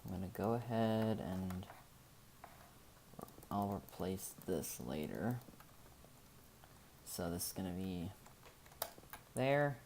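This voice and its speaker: A man with a very deep voice talks through a game-building tutorial in an unhurried, rambling way. He thinks out loud, loses words and circles back to correct himself. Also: lively intonation, creaky, a little hiss or hum. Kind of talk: casual gameplay tutorial narration.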